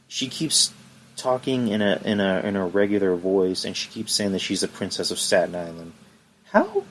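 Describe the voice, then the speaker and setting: A man with a fairly low voice hosts his own review podcast from home. He rants in a casual, exasperated way and keeps throwing out rhetorical questions. A faint hiss sits under his voice. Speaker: podcast host. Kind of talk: solo wrestling review podcast.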